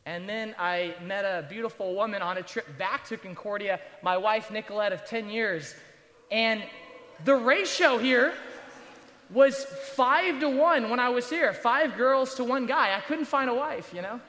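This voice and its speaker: A man in his thirties preaches to students with a very high, strikingly bright voice. He keeps it conversational, tossing in jokes and quick asides. His voice rings out through the long reverb of a big chapel hall. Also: slight background noise. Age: 30s. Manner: conversational and joking, with rhetorical asides. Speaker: pastor. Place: large university chapel, standing at the altar.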